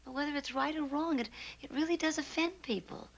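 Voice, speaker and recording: An actress playing an earnest, stammering young actress in a 1960s sitcom. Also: female voice, sits high, brisk. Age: young adult.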